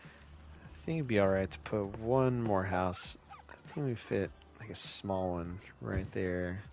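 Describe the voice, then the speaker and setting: Playing through a live game stream, a Californian man chats in a relaxed, laid-back way and answers questions from viewers. His low, gravelly voice moves slowly, taking its time with every phrase, over quiet background music.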